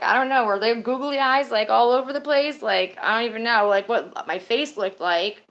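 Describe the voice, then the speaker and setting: A woman's voice: medium pitch, fairly bright tone, muffled recording. A woman streaming and chatting casually with her viewers, rambling and swearing now and then. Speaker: streamer talking to her chat. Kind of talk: casual livestream chat.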